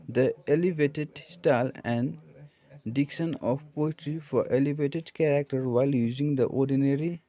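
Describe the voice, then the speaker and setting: A man reading out literature study notes in a measured way, with frequent pauses. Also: mid-range voice, dark tone, low-quality recording. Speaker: lecturer explaining a set text.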